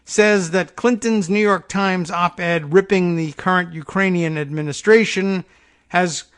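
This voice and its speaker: A man's voice: high voice, fairly even intonation, measured pace, a bit bright, clean tone. A man hosting a podcast, reading news articles aloud and adding dry, sarcastic asides, stumbling over foreign names. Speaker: podcast host.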